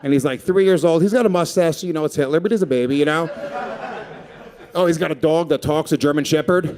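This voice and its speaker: A man doing a stand-up comedy set, brash and profane with a deadpan edge. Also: on the high side, fast talker. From Puerto Rico. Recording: live club set with a laughing crowd. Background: audience laughter.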